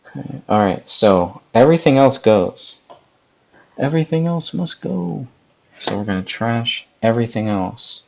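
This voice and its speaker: A man's voice: mid-range voice, expressive, measured pace, creaky, a little mellow, dull audio. A man hosting a live editing tutorial, casually talking viewers through each step and speaking to people in the live chat. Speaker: podcast host.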